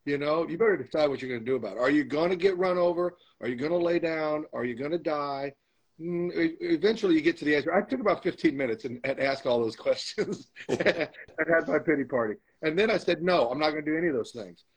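A man's voice: fairly high pitch, fast talker, husky, poor audio. A man being interviewed as a guest, telling a candid story with emphatic, motivational repetition. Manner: emphatic, motivational, repeats phrases for stress.

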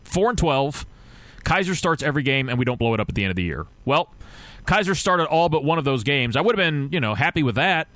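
A man's voice: mid-range voice, a bit bright, no room sound. A man hosting a podcast, ranting casually and with frustration about his football team, rambling and restarting his sentences often. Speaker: podcast host. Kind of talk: casual sports rant.

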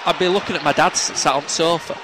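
A man's voice: on the high side, fairly even intonation, quick pace, noisy background. A man with a Yorkshire accent co-hosting a casual football podcast, rambling and jokey. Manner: rambling, jokey, laughs often. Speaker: podcast co-host. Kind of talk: casual chat.

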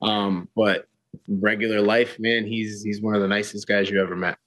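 A man's voice: fairly low pitch, little pitch movement, normal speed, fairly bright tone, dry recording, poor audio. A man talking casually as a guest, laid-back, with many fillers and restarts. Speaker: guest fighter. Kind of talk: casual chat.

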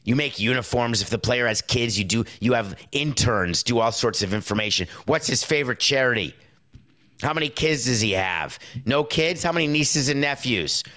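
A middle-aged man delivering a casual commentary monologue, lively and acting out quotes in put-on voices. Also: medium pitch, normal speed. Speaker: sports and movie commentator.

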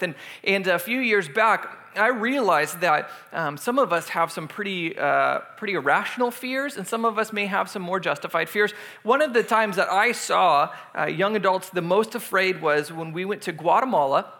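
High bright-voiced man telling a story. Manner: animated storyteller, acts out screams. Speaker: youth pastor. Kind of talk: sermon with a personal story.

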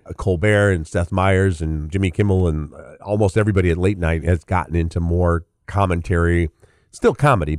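Deep-voiced, opinionated male commentator. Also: a little mellow, dry recording, clean studio sound. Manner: conversational and opinionated, with frequent fillers and restarts. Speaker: entertainment commentator and host. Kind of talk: casual spoken commentary.

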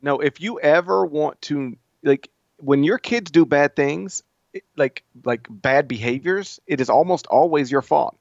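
Lively man bantering on a sports podcast. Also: a little high, gravelly, no room sound. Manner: animated, laughing, quick banter. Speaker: podcast co-host. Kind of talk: casual sports chat. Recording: dull, lo-fi sound.

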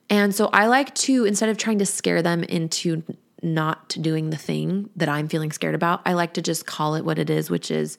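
Candid mom coach with a gravelly voice. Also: female voice, fairly low pitch, fairly quick. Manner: candid, chatty, reflective. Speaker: parenting coach. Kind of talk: casual podcast talk.

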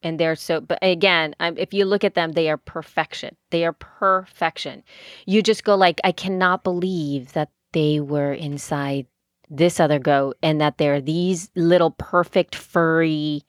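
A woman talks in a halting, casual way, often restarting her sentences. Her voice is on the lower side. The recording is dry and close. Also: steady tone, no echo. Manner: hesitant, many restarts and fillers. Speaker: podcast co-host, goat keeper. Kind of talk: casual chat.

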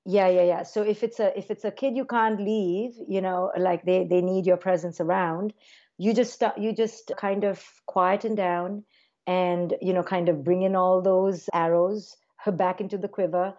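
A woman's voice: fairly low pitch, unhurried, lo-fi sound. A woman who is a clinical psychologist, talking casually as a guest in an interview and animatedly acting out what parents and kids say. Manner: animated, acts out parent and child voices in quotes. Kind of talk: conversational interview.

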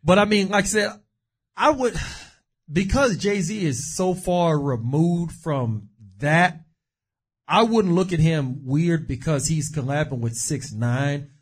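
A man's voice: fairly high pitch, expressive, slow pace, breathy edge. A man co-hosting a casual chat, rambling with lots of fillers and digressions. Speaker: podcast co-host.

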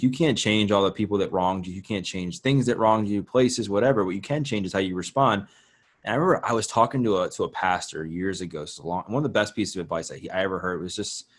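Deep-voiced man, casual host. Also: husky. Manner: casual, filler-heavy, halting. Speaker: podcast host. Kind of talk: interview conversation.

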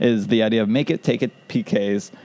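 A man's voice: on the low side, fairly quick, gravelly, darkish tone, no echo. A man co-hosting a casual podcast, rambling through his ideas and laughing at them. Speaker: podcast co-host.

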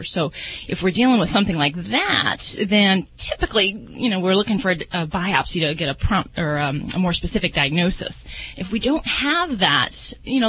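A man's voice: high-pitched, a bit bright, low-quality recording. A man acting as a veterinarian co-host, explaining advice to a caller in a methodical way with frequent ums. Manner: methodical, many fillers.

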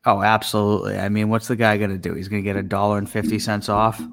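Low-voiced laid-back podcast co-host. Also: male voice, level tone, fast, gravelly, fairly bright tone, no room sound, studio quality. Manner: laid-back, short reactions. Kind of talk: casual chat.

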